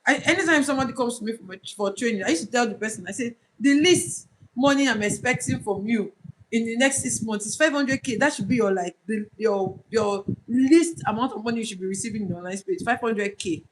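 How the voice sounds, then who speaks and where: A woman's voice: fairly high pitch, brisk, poor audio. A woman with a Nigerian accent speaks on a live stream, coaching would-be online tutors. She talks earnestly, pressing her points and repeating them for emphasis. There is a faint hiss behind her voice. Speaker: online tutor trainer, livestream host. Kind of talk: casual livestream talk.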